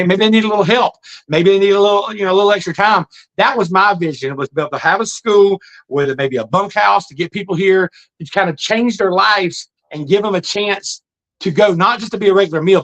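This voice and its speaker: A man's voice: high-pitched, a bit bright, highs cut off. A middle-aged man, telling his own life story in a plain-spoken, earnest, folksy way. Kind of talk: casual storytelling monologue.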